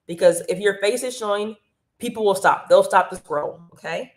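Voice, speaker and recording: A woman's voice: mid-range voice, normal speed. Upbeat woman hosting a motivational livestream. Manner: energetic, motivational, greets chat viewers by name. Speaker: livestream host and business coach. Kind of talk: live stream pep talk to viewers. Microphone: streaming mic.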